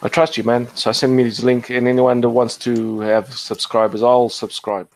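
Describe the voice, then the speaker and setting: A man's voice: mid-range voice, level tone, moderate pace. A man from Portugal with an Australian accent, talking bluntly and profanely in a casual online group chat, sometimes stopping to search for words.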